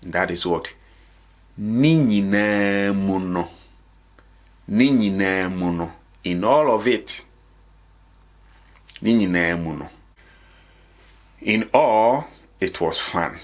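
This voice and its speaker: A man's voice: deep voice, lively intonation, takes it slowly, pauses often. A man teaching a beginners' language lesson, saying each phrase several times and asking and answering his own questions. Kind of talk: slow repetitive language lesson.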